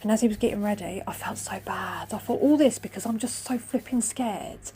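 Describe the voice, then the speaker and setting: Woman, middle-aged, casual storytelling, rambling, self-deprecating, mid pitch, faint background noise. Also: a little fast, warm tone. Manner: chatty, rambling, self-deprecating, acts out her own quotes. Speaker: vlogger.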